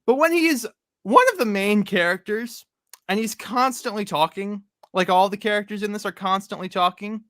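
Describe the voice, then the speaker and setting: A young man co-hosting a casual comic review chat, animated and laughing often, trailing off into mumbles. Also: high-pitched, normal speed, no room sound, clean studio sound. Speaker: podcast co-host.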